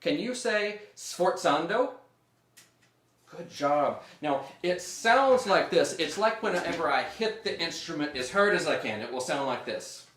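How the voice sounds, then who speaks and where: A man's voice: fairly high pitch, lively intonation, a little slow, a bit bright. A young man teaching a music lesson for children, upbeat and leading the kids in call-and-response. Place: room at home. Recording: echoey room.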